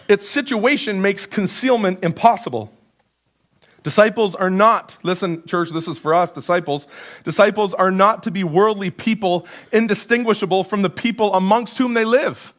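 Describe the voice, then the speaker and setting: A pastor preaching a sermon in church, earnest and conversational, building emphasis through repetition. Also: male voice, sits high, moderate pace, fairly bright tone. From Canada. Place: church sanctuary.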